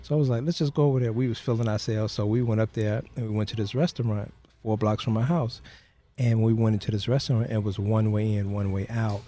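A man being interviewed, recounting a personal story in a halting way, full of "you know" fillers. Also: on the low side, steady tone, warm tone. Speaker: interview guest.

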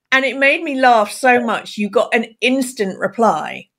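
Lively woman guesting on a podcast, talks about emails, lots of um, excitable. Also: a little high, normal speed, hardly any pauses. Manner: energetic, expressive, frequent ums. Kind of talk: casual podcast interview.

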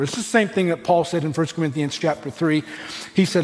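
A man's voice: on the high side, a little fast. A man, a pastor preaching a sermon in a conversational way, acting out everyday dialogue as he goes. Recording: long hall reverb with faint music.

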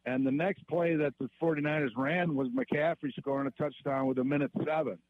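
A man's voice: fairly high pitch, steady tone, fairly quick, slight background noise. A man calling in to a sports radio show, methodically recounting game details. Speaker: caller. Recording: tinny phone line.

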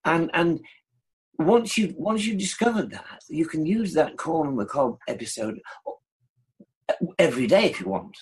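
A man's voice: a little high, lively intonation, unhurried, long pauses, slightly rough. A man from the United Kingdom, a guest in an interview, who speaks enthusiastically and repeats phrases for emphasis. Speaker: guest, dementia care advocate. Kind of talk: conversational interview.

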